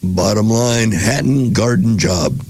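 A man's voice: on the low side, animated, takes it slowly, darkish tone, husky, dry recording. A man hosting a casual podcast, reading passages aloud and breaking off to joke and react. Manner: reads passages then jokes and reacts.

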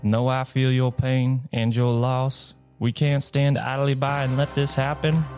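A man putting on the voice of a grave world leader giving a slow, dramatic address in a comedic podcast promo. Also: medium pitch, flat delivery, darkish tone, faint music behind, natural voice. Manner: slow, stately, dramatic oratory.

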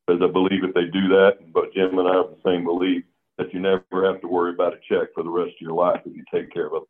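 Deep voice guy talking business, plain and earnest, tinny like a phone. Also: level tone, fast. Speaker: insurance agency owner, guest. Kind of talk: casual interview chat.

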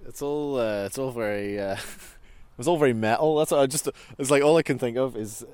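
A man's voice: medium pitch, fairly quick, a little mellow, clean tone, dry recording. A man recalling his teenage years in casual chat, rambling and laughing often, recorded outdoors in a park. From Northern Ireland. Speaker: guest. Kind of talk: casual reminiscing.

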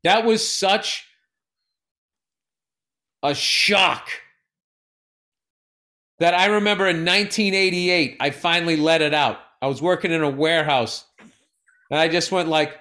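A middle-aged man tells loud, profane stories on a casual podcast. His voice sits high and bright, and he acts out the people he quotes. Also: measured pace, pauses often. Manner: animated storyteller, swears freely, acts out quotes. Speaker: podcast co-host.

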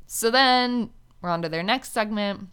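A woman's voice: medium pitch, unhurried, fairly bright tone, clear, resonant tone. A woman hosting a casual recap commentary, talking candidly and chattily with lots of "like" and little laughs at her own points. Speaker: podcast host recapping a reality show. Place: indoors, street sirens nearby.

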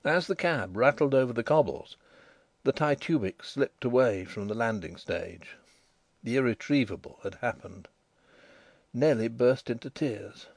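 Man reading a novel aloud, lively. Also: medium pitch, a little slow, no echo. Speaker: audiobook reader. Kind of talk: scripted narration of a novel.

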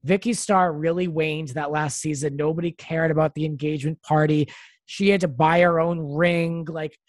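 A podcast co-host chatting casually and giving opinions with quick asides. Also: mid-range voice, fairly even intonation, dry recording. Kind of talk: casual chat recapping reality TV.

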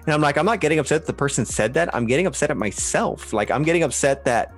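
A man hosting a casual interview, talking in a rambling, animated way with many fillers and restarts. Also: on the high side, fast, slightly rough, faint music behind. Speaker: podcast host.

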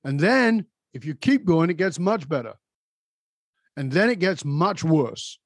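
A man's voice: on the high side, animated, unhurried, no echo, clean studio sound. A man hosting a podcast, speaking emphatically and addressing listeners directly in a motivational way. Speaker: podcast host. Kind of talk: conversational podcast interview.

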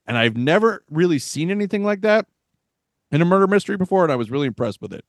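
A man in his thirties co-hosting a podcast, joking about old movies in a wisecracking, animated way and laughing often. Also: high voice, fast, no echo, clean studio sound. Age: 30s. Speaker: podcast co-host. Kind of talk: casual movie-review chat.

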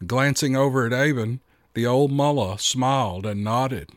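A man reading a story aloud as a narrator, in a steady, measured manner. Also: mid-range voice, no room sound, studio quality. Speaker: audiobook narrator. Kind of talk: scripted narration.

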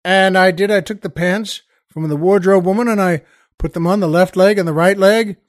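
High-voiced man telling a lively story. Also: normal speed, dry recording, studio quality. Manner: animated, acts out quoted voices, shifts between hushed and loud. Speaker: comedian telling a backstage story. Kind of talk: storytelling anecdote.

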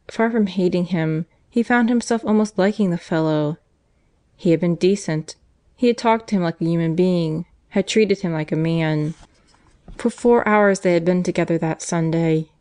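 Woman audiobook narrator, low voice, measured storytelling. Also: warm tone. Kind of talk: scripted narration.

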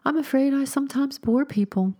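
A woman reading the lines of a dull, genteel lady in a storybook, speaking in a placid monotone and boasting of her family. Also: high-pitched, fairly quick, voice pushed up, natural voice. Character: dull, self-important genteel lady who crochets.

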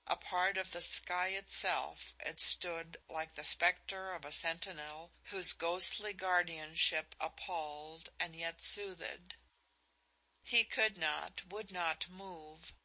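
A woman narrating a novel as an audiobook, in a measured, expressive reading. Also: on the low side, low-quality recording.

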